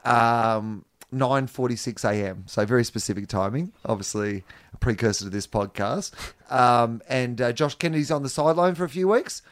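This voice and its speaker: A man's voice: medium pitch, moderate pace. Man, podcast co-host, casual chat, reads text aloud, joking asides.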